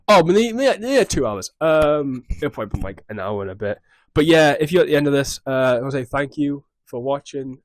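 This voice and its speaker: A man's voice: a little high, no echo. A young man casually recapping a show on his vlog in a scattered, rambling way, swearing freely. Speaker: YouTube recap host.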